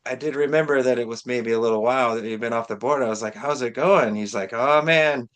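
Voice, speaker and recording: A man co-hosting a casual podcast, retelling an old story in a lively, chuckling way. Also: mid-range voice, quick pace, smooth. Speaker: podcast host.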